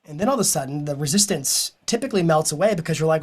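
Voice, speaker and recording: Energetic man giving a coaching talk. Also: on the high side, rapid-fire, slight background noise. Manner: energetic, persuasive, storytelling. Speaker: business coach and speaker. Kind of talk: motivational talk to a live audience.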